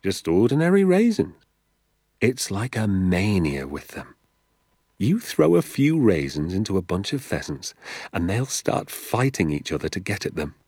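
A man reading an audiobook, voicing a secretive, enthusiastic father who talks in a low, confiding hush and sometimes drops to a whisper. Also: wildly swooping pitch, a little slow, slightly rough, no echo, studio quality, heavily acted. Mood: conspiratorial. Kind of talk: audiobook character voice.

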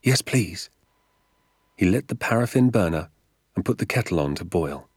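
Man, audiobook narrator, calm, measured, very low voice, dry close sound. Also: husky, dry recording.

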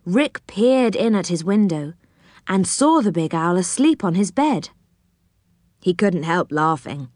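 A woman narrating a children's storybook in a gentle, expressive manner. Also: fairly low pitch, measured pace, no echo, studio quality.

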